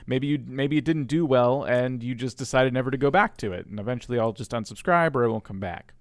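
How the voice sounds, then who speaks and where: Playful guy co-hosting a live review, smooth clear voice, dry room. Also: medium pitch, fairly quick, no room sound. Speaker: co-host reviewer. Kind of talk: casual panel chat reviewing channels.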